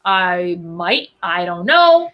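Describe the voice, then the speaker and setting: A woman's voice: on the low side, big pitch swings, drawn-out words, lo-fi sound. A woman guest chatting casually and bubbly, answering viewer questions about cosplay. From Albuquerque. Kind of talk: casual chat.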